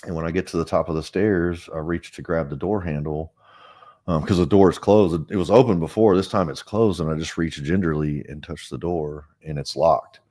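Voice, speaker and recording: A man with a deep, low-pitched voice recounts his own past as an interview guest. He talks frankly and earnestly, rambling a little and circling back to restart his sentences. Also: fairly even intonation, normal speed, warm tone. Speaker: interview guest, foundation director. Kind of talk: personal storytelling in an interview.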